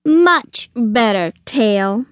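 A woman's voice: fairly high pitch, expressive, very slow, dry recording. A woman playing a blunt, tough chick detective. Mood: brusque. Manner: brusque, no-nonsense.

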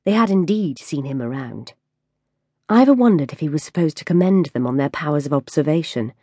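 Low husky woman reading a novel. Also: animated, a little fast, mellow, no room sound, clean studio sound. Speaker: audiobook narrator. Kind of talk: scripted narration.

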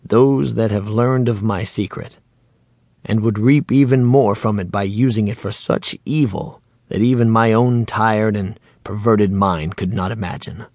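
A man voicing an aging male author who is fearful and burdened by guilt, speaking in a low, soft, brooding tone. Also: unhurried, dry recording, studio quality.

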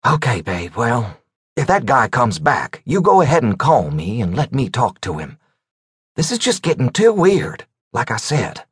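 A man's voice: medium pitch, wildly swooping pitch, measured pace, slightly rough, dry recording, clean studio sound, voice pushed up, heavily acted. A man voicing a scared, nervous man on the run who talks in a quavering, pleading voice.

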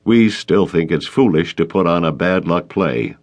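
A man reading an audiobook, voicing a gruff middle-aged male group president. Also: deep voice, normal speed, dull audio.

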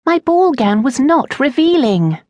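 Pitching above her own natural voice, a woman reading an audiobook plays a poised young debutante, a patient daughter replying to her father with tart, composed asperity. The medium-pitched delivery is expressive, a little mellow and at a normal pace, with no room sound.

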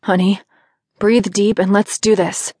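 A woman doing a gentle, steadying best friend. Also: high voice, level tone, a little slow, breathy edge, no echo, clean studio sound, exaggerated voice. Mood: soothing. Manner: gentle, reassuring. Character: devoted young male best friend, soothing.

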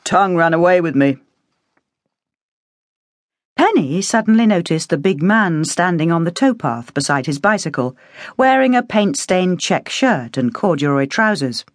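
A woman narrating a historical novel audiobook in a measured, expressive storytelling manner. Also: lowish voice, dry recording, studio quality. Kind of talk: scripted narration.

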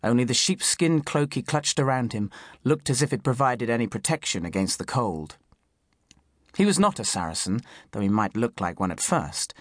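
Brief: male audiobook narrator, mid-pitched, steady, dry studio mic. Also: no room sound. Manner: clear, measured storytelling. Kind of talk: scripted storybook narration. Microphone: studio microphone.

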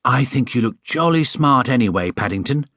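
A man's voice: mid-range voice, lively intonation, normal speed, a bit bright, no echo, studio quality. A man voicing a chirpy young girl in a children's audiobook.

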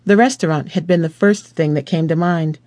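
Slow, measured male audiobook narrator. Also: a little high, darkish tone, no echo. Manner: slow, measured, deliberate reading.

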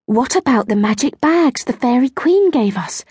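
Rachel, a brisk practical schoolgirl, voiced by a woman. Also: sits high, lively intonation, darkish tone, slightly rough, no room sound, pitched above the performer's own voice, full character voice. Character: curious, practical young schoolgirl.

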